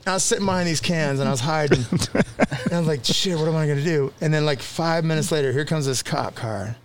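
A man with a fairly high voice telling a story in relaxed conversation. He laughs often and acts out the people in his tale. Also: fairly quick, a little hiss or hum. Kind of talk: casual storytelling.

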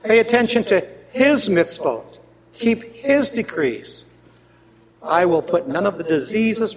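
Brief: male preacher, sermon delivery, high voice, loud readings dropping to hushed asides, long hall reverb. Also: creaky. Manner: swings between loud emphatic reading and quiet asides.

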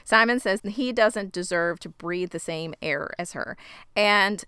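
A woman's voice: mid-range voice, measured pace, sharp tone, smooth, dry recording, studio quality. A woman in casual chat, retelling a TV episode with outraged, swearing asides. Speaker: podcast co-host recapping a TV episode.

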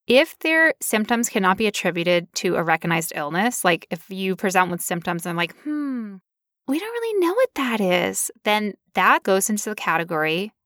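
A woman's voice: on the low side, a bit bright, no room sound, studio quality. A woman co-hosting a podcast, talking casually with sarcastic asides. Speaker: podcast co-host.

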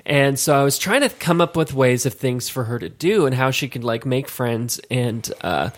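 A male podcast co-host telling stories in casual chat, with a mid-range voice that rises and falls in lively swings. He rambles, restarts his sentences and laughs easily. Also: medium pitch, moderate pace.

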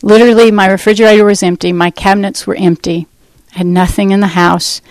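A middle-aged woman telling her personal testimony in an earnest, conversational way, pausing and restarting as she goes. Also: medium pitch, steady tone, a little mellow, no echo, poor audio. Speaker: speaker giving a testimony.

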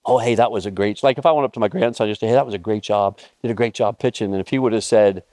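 A man's voice: on the low side, racing, dry recording, clean studio sound. Conversational man preaching a sermon. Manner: conversational, storytelling with rising excited peaks. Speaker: pastor.

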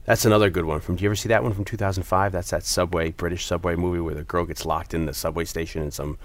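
A man's voice: deep voice, fairly even intonation, fast talker. A man co-hosting a casual chat, rambling enthusiastically with lots of restarts. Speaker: podcast co-host. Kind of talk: casual chat about horror films.

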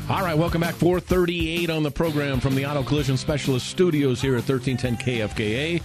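A man's voice: a little high, a little fast, music in the background. A man hosting a live radio sports show from a studio, chatty and folksy with lots of fillers.

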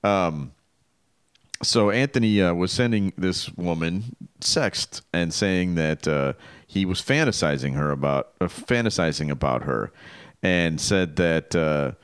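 A man co-hosting a radio talk show in casual banter, animated and laughing often as he reads items aloud. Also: sits low, measured pace, clean tone, no room sound, studio quality.

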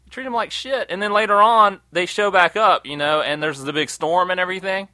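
A man in casual, profane chat, telling animated stories and acting out quotes. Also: sits high, a little fast, dry recording. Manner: animated storyteller, swears often, acts out quotes.

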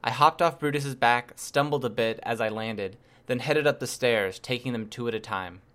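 A man narrating a first-person novel chapter in a steady, measured reading voice. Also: mid-range voice. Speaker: audiobook reader.

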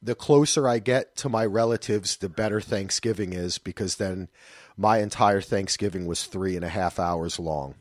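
A man in his thirties hosting a podcast, chatting casually and loosely, with animated asides. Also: low voice, normal speed, no room sound, clean studio sound. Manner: loose, rambling, breaks into animated voices for anecdotes. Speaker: podcast host.

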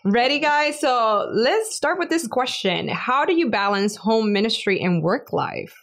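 A woman's voice: fairly high pitch, lively intonation. Bubbly woman hosting a podcast. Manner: bubbly, eager, quick to laugh. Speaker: podcast host.

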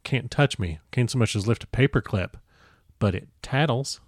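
A man's voice: mid-range voice, normal speed, dry recording, studio quality, lightly acted. A man doing a growling, spiteful old warlock. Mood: gloating. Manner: growling, sneering. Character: bitter old male witch, spiteful and gloating.

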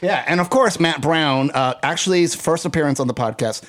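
A man's voice: on the high side, fairly bright tone. Chatty male podcast host. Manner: chatty, laughing, quick asides. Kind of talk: casual comedy podcast chat. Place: small home podcast studio.

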